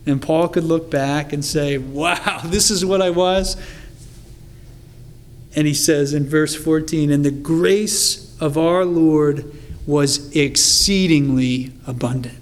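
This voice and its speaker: Slow-speaking earnest male preacher. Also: fairly high pitch. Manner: earnest, conversational preaching, reads scripture with emphasis. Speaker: pastor. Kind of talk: sermon.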